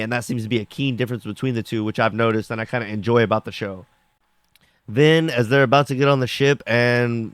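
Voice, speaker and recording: A young man with a medium-pitched, clean voice and no room sound casually reviews a TV episode. He rambles through the recap, leaning on fillers, especially "like," and acts out the characters' lines.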